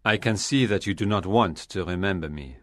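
A man voicing an earnest, proud young gentleman in love, reading a storybook aloud. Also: low-pitched, a little slow, slightly rough, no echo, clean studio sound. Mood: cold. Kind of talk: audiobook reading of a graded reader.

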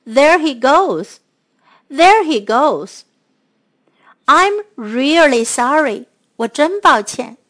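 Slow, high-voiced woman teaching children. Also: very animated, fairly bright tone. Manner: slow, clear repetition for children. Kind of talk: bilingual children's lesson.

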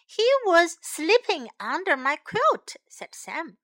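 A woman reads a bedtime story for young children, saying each English line and then translating it. Her voice is high, bright and swooping, and she takes her time over every word. Later she repeats short English phrases slowly so children can say them back. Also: animated, no echo. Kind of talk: children's bilingual story reading.

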